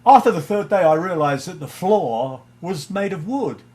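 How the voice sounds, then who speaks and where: An older man voicing a slow, bewildered male roadie inside a told story. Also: high voice, expressive, a little mellow, voice pushed up. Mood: dawning.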